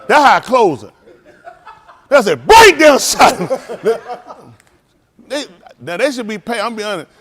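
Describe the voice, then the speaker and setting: A man giving loose, animated commentary at a livestreamed service, laughing often. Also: mid-range voice. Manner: animated, laughing, preachy street talk. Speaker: preacher.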